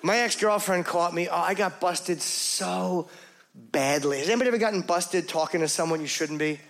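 A middle-aged man telling a crude, self-mocking story in stand-up comedy, rambling and animated. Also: sits high, normal speed, vocal fry.

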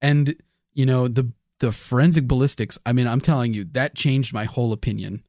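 A man co-hosting a casual podcast, weighing theories out loud with hedges and self-corrections. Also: medium pitch, steady tone, a little fast, no echo, studio quality. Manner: hedging, self-correcting, laughs often. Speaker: podcast co-host. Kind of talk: casual conspiracy podcast chat.

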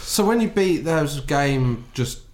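A man's voice: on the high side, animated, normal speed, background noise. A man hosting a casual chat, asking eager questions and laughing easily. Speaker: podcast host. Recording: roomy echo.

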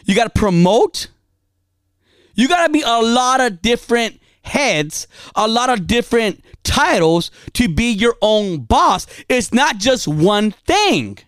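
Animated woman giving a motivational talk. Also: a little high, takes it slowly, no echo. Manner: emphatic, repetitive, uses slang.

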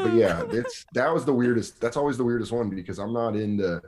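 A young comedian guesting on a podcast tells stories casually and acts out the quotes. His medium-pitched voice moves fairly quickly with few pauses, and the audio is very noisy.

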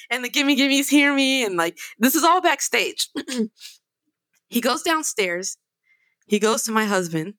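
A woman musician telling a story in casual talk, animated, emphatic and full of swearing. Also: a little high, unhurried, pauses often, no echo. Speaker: singer and guitarist.

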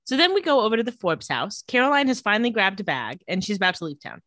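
A woman with a bright, animated voice co-hosts a casual chat podcast. She is giggly and playful, often acting out the characters' lines. The sound is close and dry. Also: mid-range voice, fast talker, dry recording. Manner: lively, giggly, acts out quoted lines. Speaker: podcast co-host recapping a TV episode.

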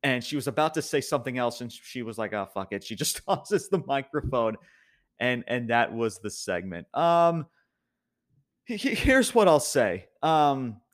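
A man's voice: mid-range voice, very animated, measured pace. Rambling laughing man recapping wrestling. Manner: rambling, many restarts, laughs often. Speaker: podcast host reviewing wrestling. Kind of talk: casual recap and commentary.

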